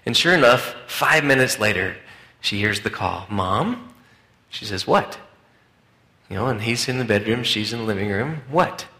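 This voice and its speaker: A man's voice: fairly low pitch, brisk, creaky, sharp tone. A man preaching a conversational sermon to a congregation, with frequent restarts. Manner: conversational, hesitant, with many restarts. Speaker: pastor. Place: church hall. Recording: echoey church room.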